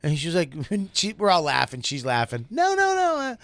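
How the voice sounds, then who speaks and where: Comedian guest, brash storyteller, slightly high pitch, dry recording. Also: male voice, expressive, fairly quick, fairly bright tone, no echo. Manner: brash anecdote telling. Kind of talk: casual podcast chat.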